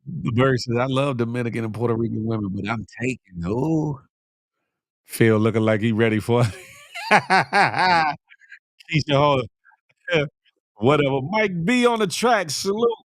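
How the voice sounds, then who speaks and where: A man's voice: mid-range voice, expressive, a little slow, pauses often, no room sound, studio quality. Playful man reading live chat. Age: middle-aged. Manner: playful, laughing, slangy banter with viewers. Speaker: host of a morning livestream show.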